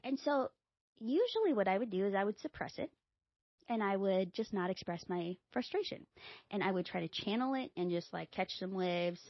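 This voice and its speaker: A middle-aged woman hosting a podcast, telling a casual story and acting out quoted dialogue with big jumps in pitch. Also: lively intonation, moderate pace, no room sound, muffled recording. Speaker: podcast host.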